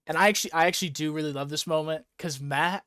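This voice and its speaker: A young man with a higher voice talks fast as he hosts a podcast, recapping a comic book plot with lots of energy. He casually acts out the dialogue in an animated retelling. Recording is studio quality, with no room sound.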